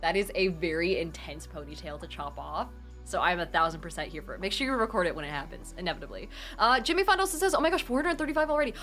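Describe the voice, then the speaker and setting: This is a young woman on a home desktop stream, chatting casually and reading out donations for a charity drive. Her voice swings up and down as she gushes her thanks. Soft music plays faintly behind her. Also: lowish voice, fast. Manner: bubbly, excitable, gushing thanks. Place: home room at her computer. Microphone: desktop streaming mic.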